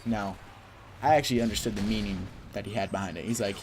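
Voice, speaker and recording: Young man, low voice, rambling confessional vlog story. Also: fairly even intonation, fast, darkish tone, a little hiss or hum. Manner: rambling, quotes people with "I'm just like". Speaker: vlogger. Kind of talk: casual storytelling.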